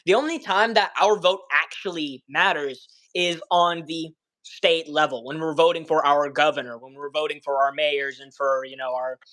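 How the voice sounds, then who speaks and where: A man's voice: fairly high pitch, steady tone, normal speed, few pauses, fairly bright tone, rough recording. A young man guest in a casual debate, blunt and swearing freely as he talks.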